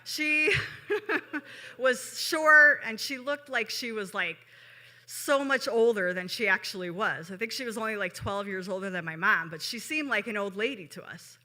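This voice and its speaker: A woman from Chicago telling a story at a live show, chatty and conversational, turning to the audience with quick asides. Her tone is very bright and sharp, with a middle-range pitch. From Chicago, USA.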